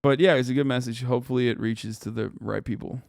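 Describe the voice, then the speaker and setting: A man's voice: mid-range voice, steady tone, fast talker, gravelly, no room sound, clean studio sound. A man hosting a live stream, reacting in casual, offhand commentary and swearing freely. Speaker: streamer host.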